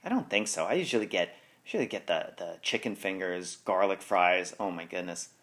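A male podcast host with a fairly low voice, chatting casually to his listeners. He rambles, trails off and corrects himself, breaking into laughter now and then. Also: lively intonation, a little fast, fairly bright tone. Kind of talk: casual chat.

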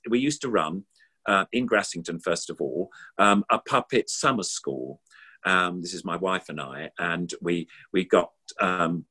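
A man's voice: sits low, fairly bright tone, husky. An older man, a puppeteer, reminiscing in a casual, rambling, enthusiastic way with many ums and restarts.

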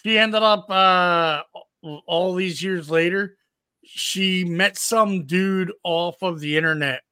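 In clean studio sound with no echo, a man co-hosting a podcast speaks slowly in a high, bright, forceful yet clean voice. He spins a crude, comic tale boisterously, swearing and performing other people's lines.

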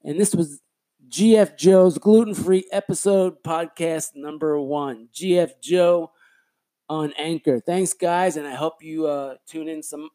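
A man talks through his own podcast in a loose, meandering way, circling back and fixing his words as he goes. His voice sits a little high but sounds deeply mellow and warm in tone. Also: steady tone, unhurried. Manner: rambling, self-correcting, chatty. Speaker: podcast host. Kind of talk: casual solo podcast talk.

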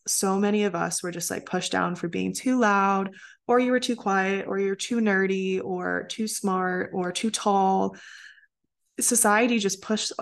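A woman's voice: medium pitch, vocal fry. A woman mindset coach talking as a podcast guest in an earnest, motivational way with many "like"s. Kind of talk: casual interview chat.

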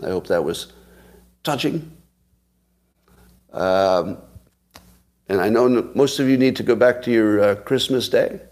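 A man's voice: fairly low pitch, measured pace, long pauses, a little mellow. A man in his sixties hosting a casual livestream, chatting and laughing as he tells stories to viewers. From United States. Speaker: podcast host.

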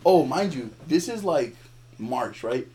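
A man's voice: medium pitch, measured pace, crowd noise. Young man telling a wild party story. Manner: animated, laughing, acts out quoted voices. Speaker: guest. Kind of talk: casual storytelling.

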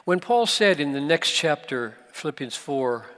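A man preaching a sermon at a conference, slow and emphatic, with dramatic pauses. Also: a little high, very animated, a bit bright. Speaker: pastor. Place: large conference hall. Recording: live hall recording with long reverb.

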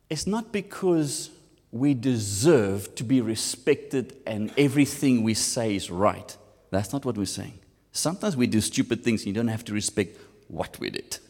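A man with a South African accent preaching a sermon, animated and switching between English and Afrikaans. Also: medium pitch, long reverb tail. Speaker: pastor.

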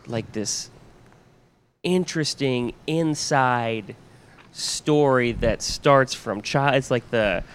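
Male guest, smooth voice, eager, rambling. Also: medium pitch. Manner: enthusiastic, rambling. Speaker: cinema staff guest. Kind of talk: casual chat.

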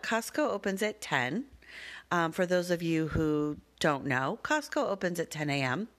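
Low-voiced mom rambling thru a story, lots of ums, super chatty. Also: female voice, animated, normal speed, fairly bright tone. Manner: wordy, rambling, with many fillers. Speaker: mother telling a family story.

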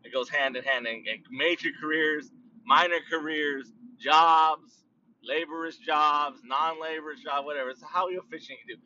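A man rambles through his own podcast, circling back with plenty of fillers and stretched-out words. His voice sits a bit high and sounds bright and edgy. The recording is dull and set back from the mic, as if he sits across the room. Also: steady tone, recorded from a distance, a little hiss or hum. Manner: loose, drawn-out speech with many fillers and restarts. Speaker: podcast host. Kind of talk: casual rambling monologue.

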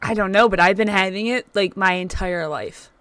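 A woman's voice: medium pitch, moderate pace, a bit bright, no echo. A woman co-hosting a podcast in casual, teasing chat. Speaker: podcast co-host.

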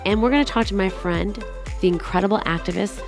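A woman's voice: mid-range voice, a little fast, over music. A woman hosting a podcast, talking in an upbeat, enthusiastic way as she introduces the show and interviews a guest. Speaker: podcast host.

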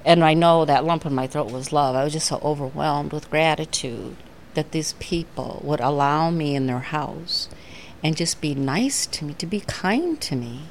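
A woman's voice: low voice, normal speed, a little hiss or hum. Heartfelt woman telling her recovery story. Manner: heartfelt, storytelling, laughs often. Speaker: AA speaker. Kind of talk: recovery talk at a meeting.

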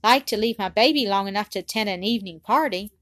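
A woman reading the part of a gentle young Victorian mother who speaks softly and kindly. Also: medium pitch, fast, no echo, natural voice.

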